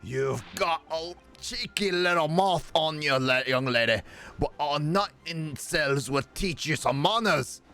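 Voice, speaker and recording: A man voicing a gruff male police officer, blustering and threatening. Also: on the high side, a little slow, bright, forceful tone, faint music behind, voice pushed up, exaggerated voice.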